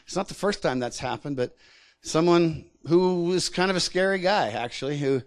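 A man's voice: on the high side, moderate pace. A man preaching a sermon in a conversational way, often repeating words and chuckling between points. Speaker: pastor.

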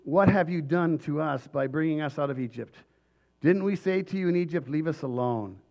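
A man preaching a sermon with emphatic delivery and frequent restarts, his voice slightly hoarse. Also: on the high side, moderate pace, a little mellow. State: voice going hoarse. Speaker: pastor.

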